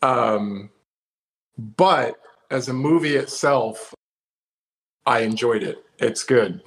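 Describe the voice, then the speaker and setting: Male co-host, hesitant, restarts a lot, middle-pitched, casual chat. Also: slow, gravelly, fairly bright tone, low-quality recording. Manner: hesitant, lots of fillers and restarts. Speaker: podcast co-host.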